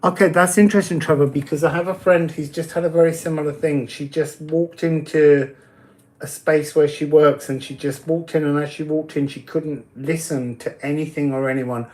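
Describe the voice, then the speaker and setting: A man's voice: a little high, steady tone, normal speed, a little mellow. Chatty man reading cards on a live stream. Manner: chatty, laughs often, answers viewer comments. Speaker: oracle card reader. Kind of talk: casual live-stream chat.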